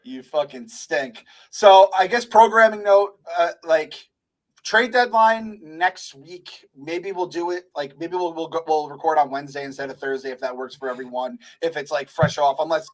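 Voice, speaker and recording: A man's voice: a little high, moderate pace, poor audio. A man co-hosting a sports podcast, talking in a loose, rambling, profane way. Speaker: podcast co-host. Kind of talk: casual sports chat.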